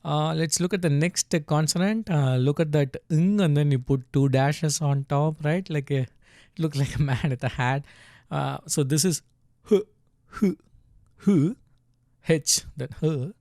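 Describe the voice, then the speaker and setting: A man's voice: a little high, normal speed, darkish tone, no echo, clean studio sound. A man teaching a casual tutorial, patiently sounding out syllables and checking in with "right?" after each step. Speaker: language teacher.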